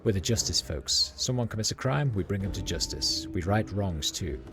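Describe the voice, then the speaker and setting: Man, very low voice, casual game read-aloud, fillers, music behind. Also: lively intonation, normal speed, creaky. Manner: reads every part in his own plain voice, with fillers. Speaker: streamer reading a game aloud. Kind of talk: casual reading of game text and dialogue.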